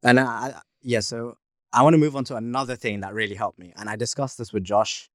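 A young man talking in a casual podcast chat, halting often and restarting his sentences. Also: mid-range voice, fairly even intonation, no echo. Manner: halting, many fillers and restarts. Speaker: podcast co-host.

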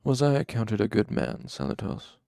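A man's voice: low-pitched, expressive, a little slow, gravelly, dark tone, dry recording, clean studio sound, heavily acted. A man voicing Lanre, a grief-stricken and weary fallen hero, speaking heavily with despair in an audiobook reading. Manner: heavy and despairing.

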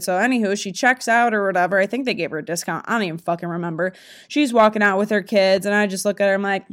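A woman's voice: mid-range voice, quick pace. A young woman hosting a podcast, telling blunt, profane stories in a casual monologue. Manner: profane, blunt, animated storytelling. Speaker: podcast host.

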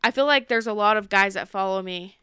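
Bright, ranting young woman podcaster. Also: medium pitch, brisk, clean tone, no room sound, studio quality. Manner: animated, heated ranting with rising outbursts. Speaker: podcast co-host. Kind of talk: casual chat.

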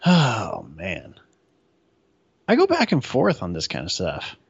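A man co-hosting a podcast answers in casual chat with a low, husky voice. His pitch moves around a lot as he talks. The recording is dull and lo-fi, with a dry sound. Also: huge pitch swings, slow, dry recording. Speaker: podcast co-host.

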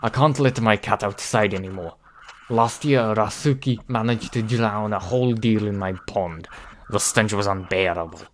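Low-voiced man rambling on a podcast. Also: moderate pace, a little hiss or hum. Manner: rambling, swearing, hesitant fillers. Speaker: podcast co-host. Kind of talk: casual chat. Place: home, on a Discord call.

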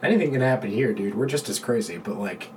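A man's voice: mid-range voice, expressive, fast talker, slight background noise. A young man guesting on a casual podcast, laid-back and joking, heard from a distant mic.

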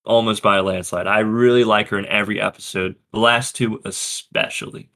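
A man's voice: lowish voice, steady tone, brisk, bright, forceful tone. A man co-hosting a podcast, chatting eagerly about a TV episode, laughing often and saying "like" a lot. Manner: enthusiastic, laughs often, lots of "like". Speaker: podcast co-host. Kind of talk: casual chat reviewing a TV episode.

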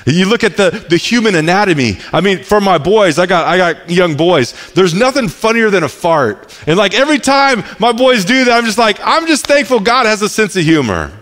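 Animated male pastor in an echoey hall. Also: high-pitched, moderate pace, few pauses. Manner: conversational, animated, often repeats words as he restarts. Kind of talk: sermon.

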